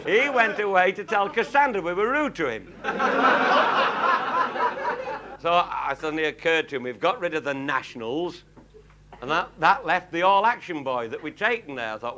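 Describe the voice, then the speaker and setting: A man's voice: high voice, big pitch swings, a little slow, pauses often, sharp tone. A man telling a comic story to a live audience in a blunt, earthy, chuckling way. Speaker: comic raconteur. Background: audience laughing.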